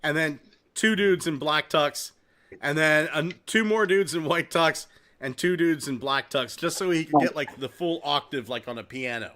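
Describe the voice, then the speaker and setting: A man hosting a casual comedic podcast, telling rambling, excitable stories and swearing freely. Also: fairly high pitch, moderate pace. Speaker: podcast host.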